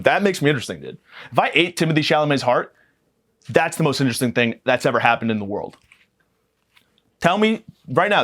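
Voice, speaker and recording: A man's voice: mid-range voice, fairly bright tone. Profane ranting young man. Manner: profane, mock-aggressive, rambling. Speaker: podcast host. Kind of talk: comedic rant monologue.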